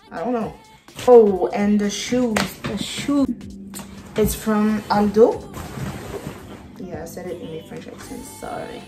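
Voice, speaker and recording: A woman talks slowly and casually to her viewers, stopping often with fillers as she hunts for words. Her voice rings in an echoey room. Music plays clearly behind her. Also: medium pitch. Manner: chatty, searches for words, many fillers. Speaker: art vlogger. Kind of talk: casual vlog chat to camera. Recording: roomy echo with background music. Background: music playing.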